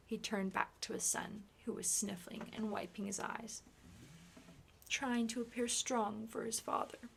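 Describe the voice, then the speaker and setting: A woman reading a novel aloud in a hushed, soft-spoken ASMR style, partly whispered. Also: mid-range voice, unhurried, vocal fry, a little hiss or hum. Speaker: ASMR reader.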